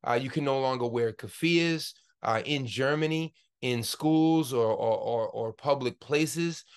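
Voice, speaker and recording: A man's voice: mid-range voice, a little slow, clean tone. A man in his forties teaches an online class through a computer mic on a video call, his voice in an ordinary middle register. He talks with real passion but rambles, filling gaps with "uh" and "um" and restarting his sentences. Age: 40s. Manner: impassioned, rambling with many fillers and restarts. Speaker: class instructor and organizer.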